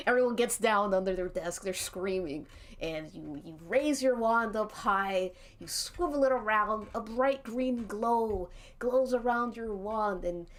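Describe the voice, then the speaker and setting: A woman's voice: medium pitch, unhurried. Giggly woman running a tabletop game. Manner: giggly, chatty. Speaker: game master. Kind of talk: narrating a tabletop game on stream.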